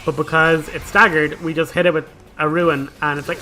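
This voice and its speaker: A man's voice: a little high, little pitch movement, brisk, pushed and bright, slight background noise, rough recording. A young man hosting a gaming channel, explaining his game strategy in a chatty, casual way full of "like". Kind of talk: casual gameplay commentary.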